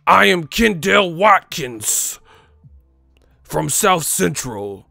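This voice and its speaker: A man voicing a pompous man who slowly and grandly announces himself. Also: high voice, big pitch swings, gravelly, pushed and bright, dry recording, studio quality, soft background music, voice pushed up, full character voice. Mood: grandiose. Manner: slow, grandiose, declaiming.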